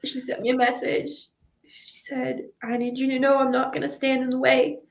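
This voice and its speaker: A woman's voice: sits high, flat delivery, moderate pace, creaky. A woman guest in an interview, steadily recounting a personal memory. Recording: roomy echoing room audio.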